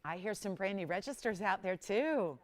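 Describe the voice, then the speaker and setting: A woman hosting a live jewelry shopping show, giving a chatty, enthusiastic sales pitch and greeting callers by name. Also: lively intonation, moderate pace. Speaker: shopping channel host.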